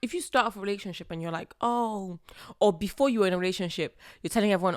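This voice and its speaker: A young woman, hosting a podcast and giving blunt, animated relationship advice. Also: mid-range voice, fast, no echo, studio quality. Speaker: podcast host. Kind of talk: advice monologue.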